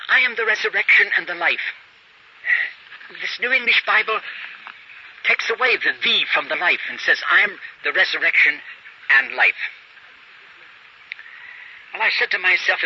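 Bright, lively old-time preacher. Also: male voice, high voice, normal speed, long pauses. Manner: storytelling, quoting characters in dialogue. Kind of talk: sermon. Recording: dull lo-fi archive recording with faint hiss.

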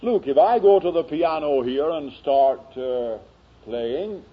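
A man preaching a sermon in slow, dramatic oratory that builds to emphatic peaks. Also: on the high side, animated, breathy edge, muffled recording.

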